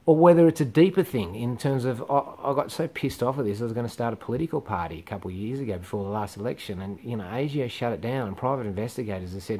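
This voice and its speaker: A man's voice: fairly low pitch, expressive, quick pace, hardly any pauses, mellow. A middle-aged Australian man, a comedian, delivering a blunt, profane, rambling rant straight to camera. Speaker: comedian vlogger. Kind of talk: ranting monologue to camera.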